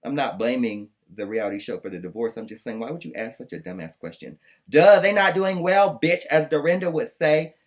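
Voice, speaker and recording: A man's voice: fairly low pitch, animated, fast talker, hardly any pauses. A man hosting a casual recap podcast, ranting in a sassy, profane, exasperated way. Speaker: podcast host recapping a reunion. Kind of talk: casual commentary with clips.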